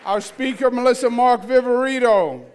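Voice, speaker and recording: A man in his fifties with a Queens, New York accent, giving a dinner speech as governor in a large banquet hall, joking and measured. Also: very high voice, darkish tone, a faint crowd, a little hiss or hum. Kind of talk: public address at a dinner.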